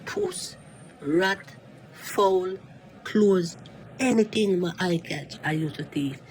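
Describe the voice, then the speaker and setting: A man's voice: high-pitched, slight background noise, low-quality recording. A man voicing a reformed former thief serving life in prison, giving earnest advice in broken creole English. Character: reformed male thief, longtime prison inmate, calm advisor. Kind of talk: cartoon voice acting.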